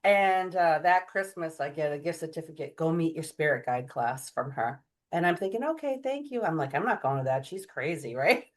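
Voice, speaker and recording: A middle-aged woman telling her story as an interview guest, chatty and animated, acting out the voices of people she quotes. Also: sits low, normal speed, few pauses. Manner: chatty, many fillers and restarts. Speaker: guest medium.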